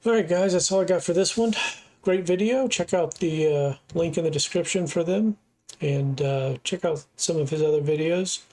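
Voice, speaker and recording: A man's voice: a little high, normal speed, darkish tone. A middle-aged man from the United States hosts a reaction video with earnest, opinionated commentary. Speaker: reaction channel host. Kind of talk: casual commentary.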